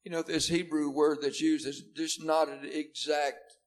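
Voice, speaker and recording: A man preaching a sermon to a seated church congregation, swinging between loud declarations and hushed words, often repeating words for stress. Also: fairly high pitch, little pitch movement, unhurried. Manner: repeats and restarts words when stressing a point. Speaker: pastor.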